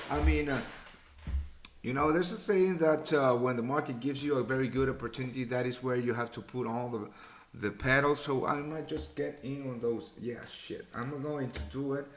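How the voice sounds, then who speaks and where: A man's voice: medium pitch, slight background noise. A man hosting a live trading show, chatting casually, thinking aloud, muttering figures and swearing now and then. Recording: echoey room.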